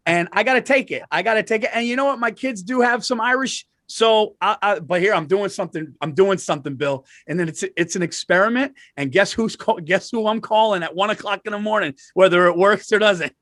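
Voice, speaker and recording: A man co-hosting a podcast, telling animated comedic stories with lots of swearing and restarts. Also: high voice, brisk, hardly any pauses, no room sound, studio quality. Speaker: podcast co-host. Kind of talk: casual comedic chat.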